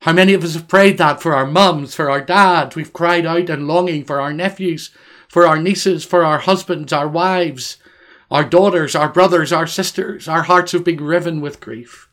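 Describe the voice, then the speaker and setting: A man's voice: on the high side, moderate pace. A man preaching a solemn sermon on grief, reading scripture aloud and crying out its laments with rising force. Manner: solemn, swells loudly on lament quotations.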